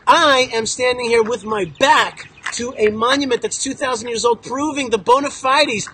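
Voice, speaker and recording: A man's voice: extremely high pitch, moderate pace, sharp tone, a little hiss or hum, poor audio. A man speaking outdoors to a visiting group, telling stories with emphatic, joking, punchy repetition. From Israel. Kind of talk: animated storytelling talk to a group. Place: outdoors in a town.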